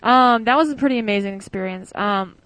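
A woman's voice: medium pitch, brisk, a bit bright, no room sound, low-quality recording. Chatty young American woman, dry close sound. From United States. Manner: chatty, many fillers, acts out quoted voices. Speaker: former exchange student. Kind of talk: casual interview storytelling.

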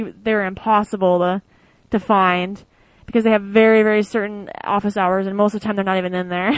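A young woman with an American accent answers interview questions in a relaxed, chatty way. She rambles and fills her pauses with "um" and "like". Her voice sits at an average pitch and sounds close and dry, with no room echo. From United States. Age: young adult. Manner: chatty, rambling, many fillers. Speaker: interviewee, former exchange student.

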